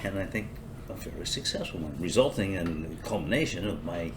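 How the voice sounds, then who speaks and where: A man's voice: deep voice, expressive, a little fast, noisy background. An older man hosting a podcast, talking in a sarcastic, rambling, self-mocking way in a casual comedic monologue. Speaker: podcast host.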